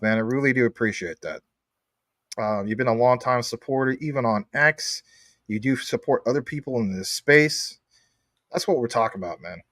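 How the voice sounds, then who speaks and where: A man's voice: mid-range voice, fairly bright tone, dry recording, clean studio sound. A man hosting a casual livestream, upbeat as he reads viewer comments aloud. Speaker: livestream host.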